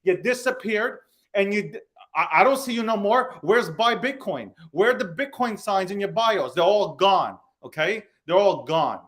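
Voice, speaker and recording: This man hosts a crypto podcast, and his high, expressive, fairly bright voice moves at a normal speed. He's in a furious, profanity-laced rant, hammering each point by saying it again and again.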